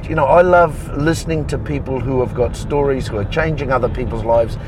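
A man's voice: medium pitch, fairly quick. Joking New Zealand man, road noise. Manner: relaxed and joking, with hesitant restarts. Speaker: co-host. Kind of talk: casual chat. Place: in a car on the road.

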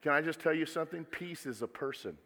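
A man preaching a sermon in a big echoing hall, his voice bright and a touch high. He drops to soft asides and then rises to loud, dramatic calls. The long reverb carries every word. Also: fast talker. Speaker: pastor.

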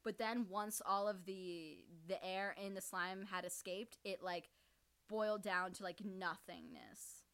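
A woman's voice: mid-range voice, fairly even intonation, unhurried, a bit bright, smooth. A woman co-hosting a podcast in casual chat, rambling through explanations with lots of "like" and "um". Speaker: podcast co-host.

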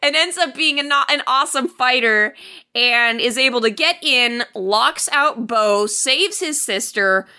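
A woman's voice: high voice, unhurried, pushed and bright, smooth. A woman co-hosting a casual chat, recapping a horror film and acting out the characters' lines with swearing. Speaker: podcast co-host.

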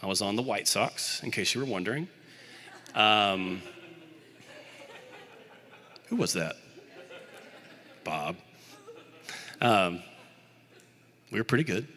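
A man's voice: lowish voice, animated, slow pace, long pauses, bright, forceful tone, long reverb tail. A young man from the Birmingham, Alabama area preaching a sermon in a conversational, self-deprecating way.

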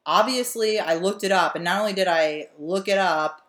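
A woman's voice: fairly low pitch, normal speed, fairly bright tone. A woman, telling a story with animation and swearing freely as a podcast co-host. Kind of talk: casual chat.

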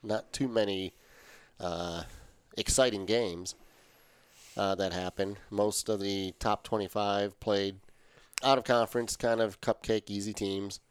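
A man with a lowish, smooth and resonant voice hosts a laid-back sports chat. He talks in an easygoing way and jokes with his brother as they talk over each other. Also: steady tone, unhurried. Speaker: podcast host.

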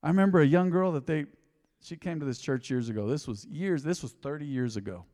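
A middle-aged man preaching a sermon in a church, passionate and emotional, swinging between loud excitement and quiet, earnest talk. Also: fairly high pitch, a little fast. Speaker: pastor. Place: church sanctuary. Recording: long hall reverb.

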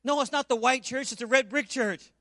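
A preacher doing an excitable grown man. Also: extremely high pitch, a little fast, dry recording, voice pushed up. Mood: excited. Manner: excited, pleading. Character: excitable grown man, emotional new believer.

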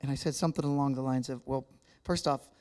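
A guest speaker from the United States talks fast in a steady, darkish, mid-range voice. Casual and joking, he interacts with people in the room during his talk to a live church-hall audience.

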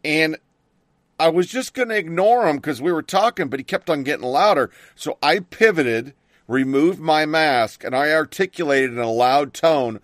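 In a clean, dry studio recording, a middle-aged man with a fairly high, slightly bright voice speaks at a normal pace. He's an animated talk show host delivering an opinionated monologue, ranting with blunt anger and lots of profanity.

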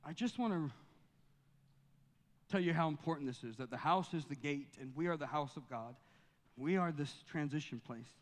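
With growing fervor, a man preaches in a church sanctuary and reads scripture aloud. He's a pastor whose voice is a little high, speaking at normal speed, trailed by a long reverb tail.

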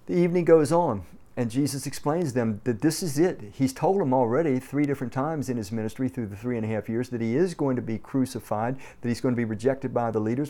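Male preacher, warm low-key timbre, emphatic sermon delivery with frequent restarts. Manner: emphatic, repeats words when starting phrases. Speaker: pastor.

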